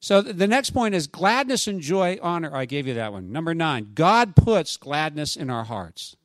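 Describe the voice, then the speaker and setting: A man preaching a sermon as pastor, in a conversational, animated way with asides to his congregation. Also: fairly high pitch, moderate pace, dry recording.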